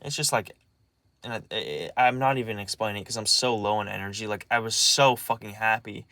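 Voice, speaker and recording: A man's voice: on the low side, fairly quick, bright, forceful tone, dry recording. A young man speaking in a personal confessional vlog, agitated and rambling, swearing often and restarting his sentences again and again.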